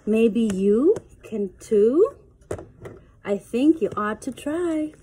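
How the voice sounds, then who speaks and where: Animated high-voiced mother reading aloud. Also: extremely slow, slightly rough. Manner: animated, sing-song read-aloud with playful sound effects. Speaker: parent reading to her child. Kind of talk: reading a picture book aloud.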